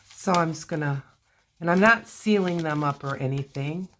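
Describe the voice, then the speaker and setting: A woman's voice: deep voice, moderate pace, a bit bright, slight background noise. A woman hosting a casual crafting video, chatting and talking to herself while she works on a journal.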